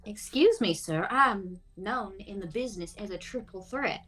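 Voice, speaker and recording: A woman's voice: medium pitch, animated, normal speed, a bit bright, breathy edge. A woman playing a proud young actress. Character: proud young actress, showy and quick-witted.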